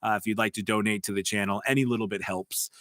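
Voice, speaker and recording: A man's voice: fairly low pitch, steady tone, quick pace, fairly bright tone, no echo, clean studio sound. A man hosting a live stream, reading out viewer comments and answering them in a rambling, casual way with many fillers. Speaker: voice-over coach and channel host.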